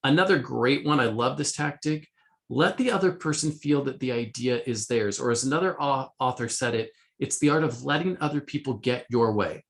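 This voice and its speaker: A man's voice: medium pitch, normal speed. A middle-aged man presenting a conversational lesson summarizing a self-help book, quoting passages and restarting phrases as he talks. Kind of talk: casual spoken lesson.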